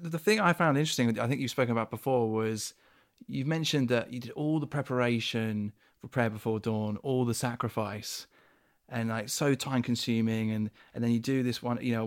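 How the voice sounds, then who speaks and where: In a casual interview chat, this podcast host asks questions eagerly and conversationally, his mid-range voice steady in tone and normal in speed.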